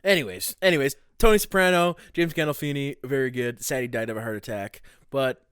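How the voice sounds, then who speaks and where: A man's voice: mid-range voice, a little fast, fairly bright tone, clear, resonant tone, dry recording, studio quality. A young man co-hosting a podcast in loose, casual chat, cursing freely and laughing between lines. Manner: laid-back, swears often, laughs between lines. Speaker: podcast co-host.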